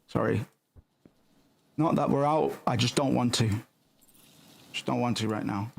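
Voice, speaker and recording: A man's voice: mid-range voice, a little slow, creaky, a little hiss or hum. A man streaming a horror game, rambling casually and swearing as he plays along with the characters. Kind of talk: casual gameplay commentary.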